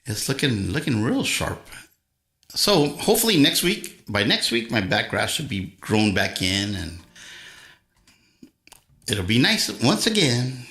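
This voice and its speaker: Older male streamer, gravelly folksy storyteller, echoey room with guitar behind. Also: mid-range voice, sing-song, a little slow, long pauses, sharp tone. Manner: folksy storyteller, rambling anecdotes. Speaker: livestream host and guitarist. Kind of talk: casual livestream chat.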